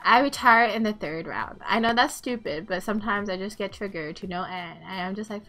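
A young woman giving casual, excitable gameplay commentary at home, swearing often and laughing a lot. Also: mid-range voice, fairly quick, hardly any pauses. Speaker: game streamer. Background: faint game music.

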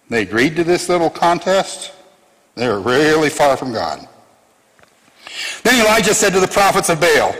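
Animated preacher in echoing hall. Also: male voice, a little high, normal speed. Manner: animated, emphatic, swings from loud to hushed. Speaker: pastor. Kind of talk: sermon with scripture reading.

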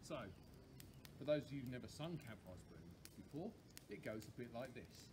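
A man's voice: mid-range voice, very animated, background noise. A man, a campsite warden, cheerfully hosting a campfire sing-along outdoors. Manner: cheerful, chatty, quick asides.

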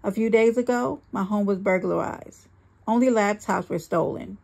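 A woman with a husky, very creaky, medium-pitched voice of darkish tone reads a dramatic first-person story aloud. Her delivery is earnest and emphatic, and she slows to give key lines weight.

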